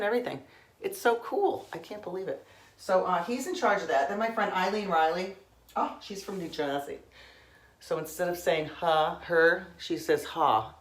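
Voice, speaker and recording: A woman's voice: lowish voice, a bit bright, echoey room, far from the mic. A woman in her forties from Connecticut, teaching a painting lesson in a chatty, rambling way, often checking in with "okay?". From Connecticut, USA. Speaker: art instructor. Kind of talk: painting tutorial with chatty asides.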